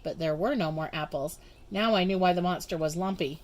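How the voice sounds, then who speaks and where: A woman reading a children's storybook aloud in an expressive, measured way. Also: on the low side. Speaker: storybook reader. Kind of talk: children's book read-aloud.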